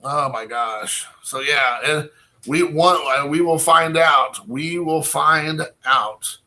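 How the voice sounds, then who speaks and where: Bright-voiced chatty male vlogger. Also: on the high side, slow. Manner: rambling, self-mocking, chatty with viewers. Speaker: channel host. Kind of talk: casual vlog chat.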